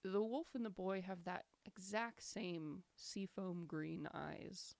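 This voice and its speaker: A woman runs a tabletop role-playing game, narrating scenes in a relaxed, descriptive way and pausing on fillers. Her voice sits fairly low with a gravelly edge. The recording is close and dry. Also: no room sound. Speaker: game master.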